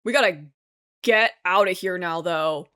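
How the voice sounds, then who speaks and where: A woman's voice: on the low side, a little slow, fairly bright tone. A young woman giving a live reaction commentary, emotional and pleading, often gasping or dropping to a whisper, close to tears. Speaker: anime reaction youtuber.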